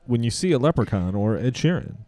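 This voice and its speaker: A man's voice: mid-range voice, lively intonation, a little fast, mellow, no room sound. Joking man co-hosting a podcast. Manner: loose, joking, rambling questions. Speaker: podcast co-host. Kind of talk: casual chat.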